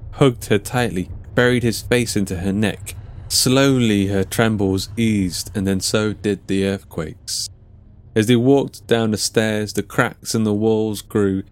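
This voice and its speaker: A man reading his own story in a calm, measured narration. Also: lowish voice. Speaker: writer and narrator. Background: faint music.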